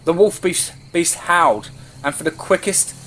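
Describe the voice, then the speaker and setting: A man's voice: fairly high pitch, normal speed, pushed and bright, slight background noise. A man narrating a first-person horror story in a tense, vivid way, building with the action.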